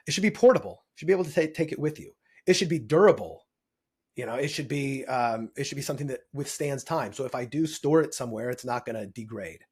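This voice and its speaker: A man, a podcast guest explaining money in lively, emphatic interview talk, often checking in with "right?". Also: medium pitch, husky.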